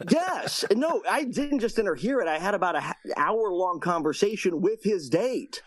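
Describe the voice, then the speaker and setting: A man in his twenties, calling in and telling a story in a halting, rambling way with many restarts. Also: sits high, expressive, no echo, clean studio sound. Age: 20s. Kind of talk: casual call-in storytelling.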